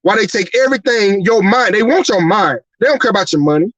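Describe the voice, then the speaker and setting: Profane, high-pitched ranting male podcast host. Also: animated, fast talker, a bit bright, no room sound, muffled recording. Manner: profane, rhetorical, repeating "you mean to tell me". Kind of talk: angry atheist rant on a live podcast.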